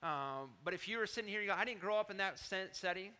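Bright, high-voiced preaching man. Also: fast. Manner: animated preaching, rising loud on quotes and dropping low to confide. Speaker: pastor. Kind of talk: sermon.

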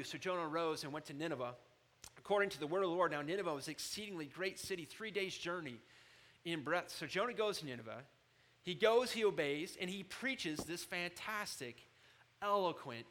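A man preaching a sermon, moving from low, quiet asides to loud, shouted emphasis. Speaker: pastor.

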